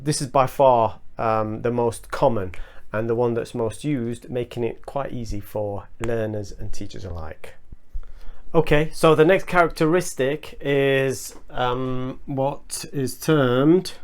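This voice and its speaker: A man teaching English in a video lesson, explaining at a measured pace and working through spoken examples step by step. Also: medium pitch.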